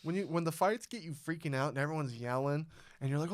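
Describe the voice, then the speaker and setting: A man's voice: on the high side, fast talker, dry recording. A man co-hosting a casual podcast, talking animatedly, swearing often and acting out scenes as he tells them. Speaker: podcast co-host, former fighter.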